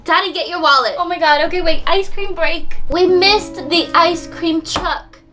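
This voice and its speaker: A woman's voice: very high voice, moderate pace, pushed and bright. A young woman chatting through an unboxing video, bubbly and gushing, with frequent gasps and giggles. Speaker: unboxing vlogger. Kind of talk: casual unboxing chat.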